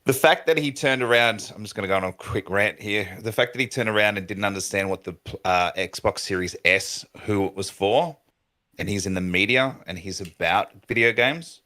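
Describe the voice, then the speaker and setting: A man on a casual gaming podcast, speaking in a monotone while making his case. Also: fairly low pitch, normal speed. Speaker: podcast panelist.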